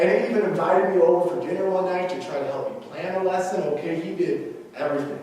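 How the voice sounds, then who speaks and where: A young adult male teacher giving a personal talk to colleagues, telling stories with lively acted-out dialogue and frequent "okay?" check-ins. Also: fairly high pitch. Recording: echoey hall from far off, faint noise.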